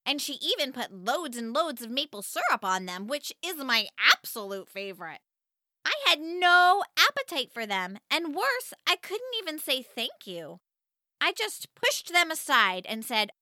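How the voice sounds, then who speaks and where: A woman narrating a children's story in the first person, highly expressive and animated. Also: unhurried, dry recording, studio quality.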